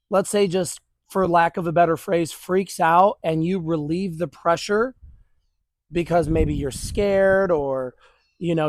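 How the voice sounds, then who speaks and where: A man's voice: high voice, no room sound, studio quality. A man working as a dog trainer, explaining a leash exercise to viewers while praising and handling dogs outdoors. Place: outdoors near grass.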